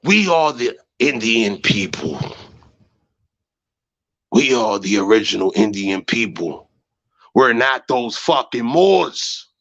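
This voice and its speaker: A man hosting a heated livestream rant, profane and agitated. He repeats phrases and swings from low mutters to high shouts. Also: very animated, takes it slowly, long pauses. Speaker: livestream host. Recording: muffled lo-fi livestream audio.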